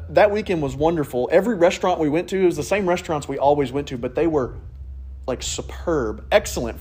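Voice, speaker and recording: A man's voice: fairly high pitch, darkish tone. Conversational male preacher, storytelling. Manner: conversational storytelling, acts out quoted voices. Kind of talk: sermon.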